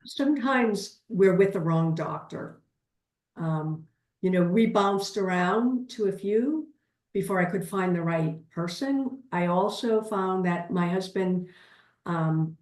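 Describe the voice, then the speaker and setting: A woman's voice: medium pitch, darkish tone, echoey room, rough recording. A woman with a Boston accent, an author giving frank, practical advice to a caregiver on a video call, with plenty of fillers. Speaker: author and guest speaker. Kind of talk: advice in a webinar Q&A.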